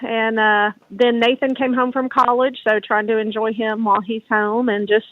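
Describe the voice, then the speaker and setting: Friendly, chatty woman caller, higher voice. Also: flat delivery, moderate pace, no echo, phone-quality sound. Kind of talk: casual call-in chat.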